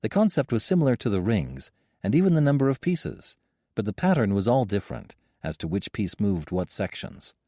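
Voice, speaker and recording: A man narrating a science-fiction audiobook in an expressive storytelling manner. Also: on the low side, a little fast, no room sound, studio quality. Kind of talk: scripted narration.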